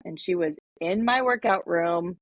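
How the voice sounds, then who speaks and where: Woman, low-pitched, casual podcast chat, rambling with fillers, dry recording. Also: measured pace, slightly rough, dry recording, lo-fi sound. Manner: relaxed, rambling with many fillers. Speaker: podcast co-host.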